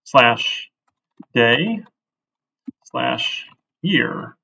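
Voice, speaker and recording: Speaking extremely slowly, a male programming teacher lectures casually as he codes, reasoning out loud and tossing in "right?" often. His medium-pitched voice is expressive, gravelly, bright and forceful. It was recorded from a distance in a classroom and sounds dull.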